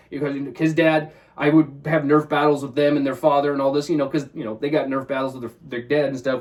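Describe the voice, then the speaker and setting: A man's voice: fairly high pitch, recorded from a distance. A man telling a personal story in a casual vlog, swearing freely and acting out his own inner thoughts as he talks. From Washington State, US. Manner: fast, profane, animated retelling with quoted inner thoughts. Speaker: vlogger.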